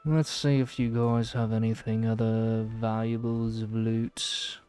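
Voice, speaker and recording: Slow, smooth-voiced tired male streamer. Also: on the low side, little pitch movement, darkish tone, soft background music. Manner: giggly, rambling, reads game text aloud. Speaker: game streamer. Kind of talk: casual live-stream commentary.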